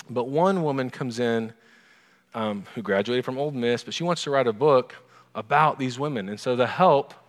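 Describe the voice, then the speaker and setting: A man preaching a sermon as pastor, talking earnestly through a story and easing into a quiet, prayerful close. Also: mid-range voice, long reverb tail.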